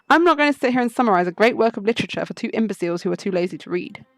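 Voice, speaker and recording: A woman's voice: mid-range voice, lively intonation, fast talker, dry recording, close to an everyday voice. A woman voicing a haughty, irritable male clerk with a snide, condescending manner.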